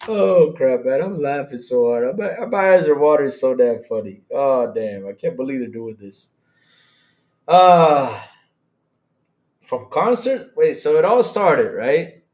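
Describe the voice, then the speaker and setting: A man's voice: mid-range voice, measured pace. Giggly, swearing man streaming in a roomy space. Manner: giggly, swearing, breaks into laughter constantly; talks to chat directly, animated and excitable. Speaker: streamer host. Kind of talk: casual live-stream reaction chat. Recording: roomy echo.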